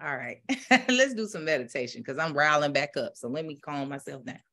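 A woman spiritual teacher, preaching with rising fervor and then leading a slow, calm guided meditation. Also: low voice.

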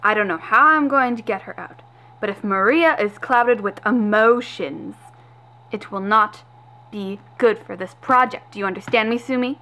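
A woman's voice: mid-range voice, normal speed, sharp tone, poor audio. A woman playing a cold, bossy female boss. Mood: commanding. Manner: clipped, bossy orders. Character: stern female project boss, cold and commanding. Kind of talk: amateur doll-video voice acting.

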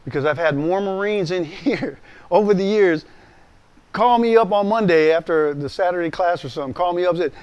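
A male pastor giving a personal testimony sermon, speaking directly and conversationally to his listeners, animated as he acts out the voices he quotes. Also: high-pitched, brisk, clean tone.

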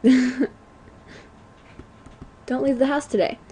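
A teenage girl talks through a video game at home in a slightly high voice, unhurried and rambling. She apologizes often and mocks herself, then erupts in bursts of excitement. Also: breathy edge. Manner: chatty, apologetic, self-mocking, bursts of excitement. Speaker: let's play gamer. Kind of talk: casual gameplay commentary.

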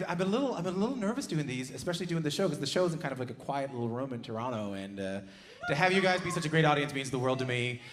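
A man's voice: fairly high pitch, fairly bright tone, slight background noise. A man hosting a live radio show on a theatre stage, upbeat, joking and self-deprecating between segments. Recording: echoey theatre with crowd and music. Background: audience and music.

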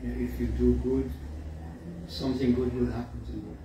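A man's voice: medium pitch, level tone, gravelly. Guy telling stories in a lecture, loads of um and you see, sounds far off in a big echoey hall. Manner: conversational, frequent "you see" and filler pauses. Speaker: guest lecturer. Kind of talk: storytelling university lecture. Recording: echoey hall from far off, faint background noise.

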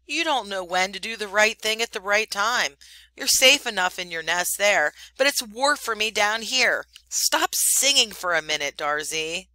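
A woman reads as a fierce young mongoose in a storybook, scolding and urgent. The voice is bright and clear, and the words come slow and deliberate in a dry, close sound. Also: mid-range voice, animated, no room sound, pitched above the performer's own voice, low-quality recording. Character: brave young male mongoose, fierce and quick.

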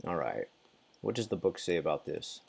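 Low gravelly man commenting on gameplay. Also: big pitch swings, moderate pace, darkish tone. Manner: mutters and reacts while playing, swears, laughs. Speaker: gaming channel host.

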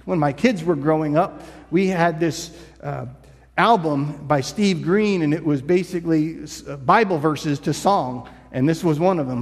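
Male pastor, high pitch, conversational sermon in a church with a long hall echo. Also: normal speed. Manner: conversational preaching with mock quotes. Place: church sanctuary.

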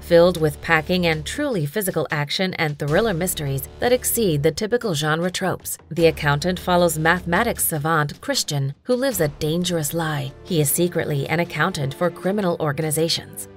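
Woman narrating over faint music, lowish voice. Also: fairly quick, few pauses. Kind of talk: scripted list narration.

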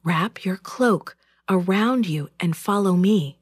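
A woman reading a children's Bible story, voicing an angel who gives hushed, urgent instructions. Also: medium pitch, slow pace, slightly rough, no room sound, clean studio sound. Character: calm commanding angel messenger.

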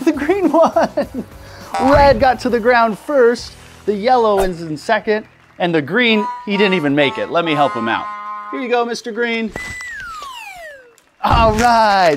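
A young woman hosting a children's learning show, speaking slowly and clearly to little kids and breaking into excited exclamations. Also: mid-range voice. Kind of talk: playful educational talk to young children. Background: background music.

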